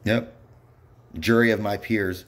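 A man's voice: lowish voice, fairly even intonation, takes it slowly, fairly bright tone. A man delivering an angry, rambling monologue, bitter and profane, with frequent muttered asides. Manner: bitter, profane, ranting with repeated yeps.

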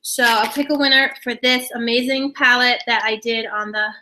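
A young woman hosting a casual live beauty giveaway stream, chatting excitedly with viewers, laughing often and trailing off mid-sentence. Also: a little high, normal speed, a little hiss or hum, rough recording. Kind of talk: casual live-stream chat reading comments.

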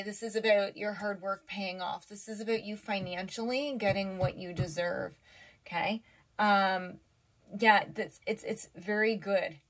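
A woman giving a casual, emotional tarot reading to her viewers, getting teary, chatting with lots of fillers and restarts. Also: medium pitch. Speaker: tarot reader.

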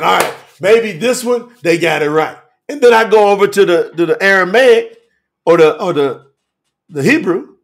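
A man preaching an emphatic, folksy sermon in a high, gravelly voice. He talks straight at his listeners, hammers points over and over, and sinks to a low murmur for stress. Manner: emphatic, repetitive, folksy and direct, with sudden drops to a low murmur. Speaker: preacher teaching scripture. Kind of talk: fiery sermon to a live stream audience.

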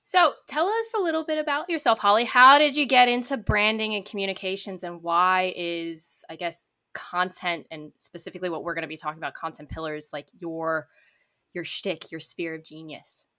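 A woman's voice: lowish voice, steady tone, normal speed, bright, forceful tone. A woman with an American accent co-hosting a podcast and asking the guest friendly questions. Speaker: podcast co-host. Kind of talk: interview questions.

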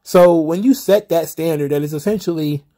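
A man's voice: fairly high pitch, moderate pace, warm tone. A man hosting casual solo wrestling recap commentary, rambling and wry, often exasperated, with the odd swear.

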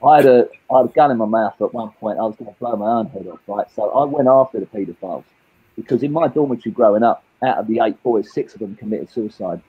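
Husky Cockney man in his late fifties. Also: on the low side, quick pace, narrow, tinny audio. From England. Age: 50s. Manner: rambling, repeats words and restarts often. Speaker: guest. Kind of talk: candid personal storytelling.

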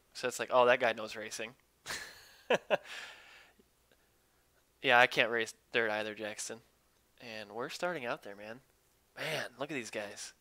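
A man's voice: medium pitch, sharp tone, clean tone, no echo. A man commentating his own online racing game live, chatting with viewers while he drives. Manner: upbeat, talks to chat while driving.

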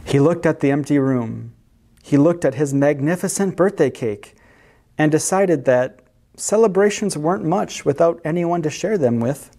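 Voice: mid-range voice, expressive, normal speed, warm tone. A library storyteller reading picture books aloud to children, who asks the listeners questions and explains words along the way.

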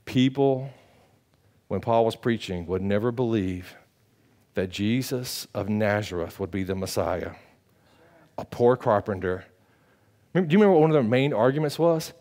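A man pastor, preaching a sermon, swinging from loud emphatic peaks to hushed low passages. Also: big pitch swings, moderate pace, long pauses.

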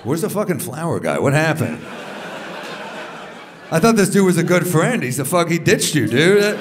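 A man in his thirties doing stand-up crowd work on a club stage, teasing audience members with quick, profane banter. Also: fairly high pitch, very animated, slight background noise. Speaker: stand-up comedian. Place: large comedy club stage before a live audience. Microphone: handheld stage mic. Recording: live club recording with crowd laughter.

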